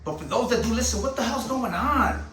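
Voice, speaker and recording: A man rants heatedly and profanely, firing off one rhetorical question after another. His voice is high and bright. He sits back from the mic in an echoey room with faint ambient noise. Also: expressive, fairly quick, distant mic. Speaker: channel host. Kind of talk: ranting monologue.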